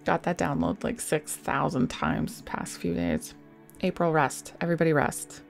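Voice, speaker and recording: A woman giving a casual tarot reading into a desk microphone, soft and reassuring, with sighs and small laughs. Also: low voice, very animated, moderate pace, vocal fry, soft background music. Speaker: tarot reader.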